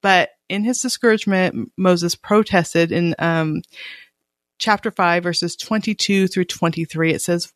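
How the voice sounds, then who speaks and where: A woman's voice: fairly low pitch, unhurried, no echo. A woman in her thirties or forties co-hosting a podcast, chatting casually about a Bible reading, laughing often and reading scripture aloud. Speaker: podcast co-host.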